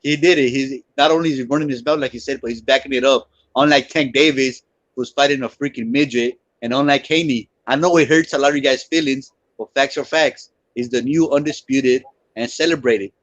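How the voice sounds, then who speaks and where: A man pushes his argument on live sports talk that has turned heated, insisting and repeating himself whenever he's pressed. He speaks briskly at medium pitch with fairly even intonation; the audio is dull but has no echo.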